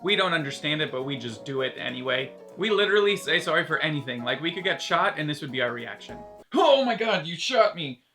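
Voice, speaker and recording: A man's voice: fairly high pitch, animated, fast, few pauses, bright, forceful tone, soft background music. A man from Canada, ranting jokingly to camera as a YouTuber, sarcastic and casually swearing. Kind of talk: comedic vlog rant.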